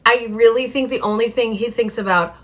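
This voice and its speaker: A young woman hosting a children's storytime from home, reading a picture book aloud in an animated, chatty way and asking her young listeners questions. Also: a little high, a little fast.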